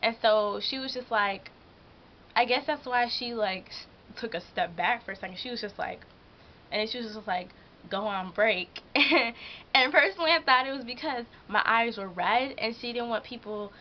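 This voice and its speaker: A woman's voice: a little high, normal speed, slight background noise. Chatty teenage girl venting, dull lo-fi audio. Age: teens. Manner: chatty, heavy use of "like", emotional venting. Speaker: vlogger. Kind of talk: casual vlog storytelling. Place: hot room at home.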